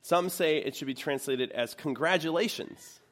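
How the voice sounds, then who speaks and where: A man's voice: a little high, normal speed, fairly bright tone. A man, a pastor, preaching a sermon in a church in a conversational way and putting questions to the congregation.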